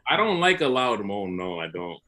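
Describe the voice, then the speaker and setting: Dry-spoken guest with a bright voice. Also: male voice, fairly low pitch, very animated, normal speed. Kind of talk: casual game banter.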